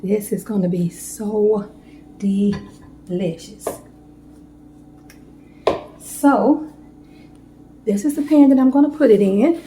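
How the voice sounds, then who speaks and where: A woman chatting warmly to viewers as she bakes a cake in her home kitchen. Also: medium pitch, takes it slowly, pauses often, echoey room, a little hiss or hum, rough recording. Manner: chatty, heartfelt, talks straight to viewers. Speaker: home baking vlogger. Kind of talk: casual cooking demo chat.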